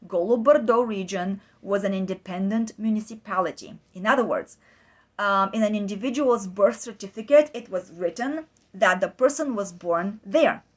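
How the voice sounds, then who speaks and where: A woman from Bulgaria hosting a podcast, earnestly talking through news articles with many pauses and fillers. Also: medium pitch. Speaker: podcast host. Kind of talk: informal commentary reading from articles.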